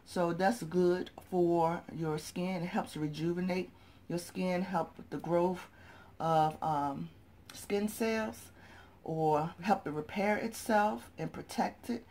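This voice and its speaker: A woman with a groggy, just-woken-up voice chats through a casual couponing haul vlog, her pitch sitting a little low. She talks straight to her viewers, calling them y'all and subbies, in an easy running patter. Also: fairly even intonation, slow, darkish tone. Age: adult parent of young children. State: groggy early-morning voice. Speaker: couponing vlogger.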